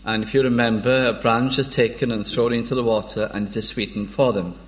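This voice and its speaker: A man preaching an informal sermon. He is unhurried, pauses often and restarts his phrases, and reads old biblical verses in a measured tone. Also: mid-range voice, fairly even intonation, a bit bright. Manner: unhurried, with frequent hesitations and restarts.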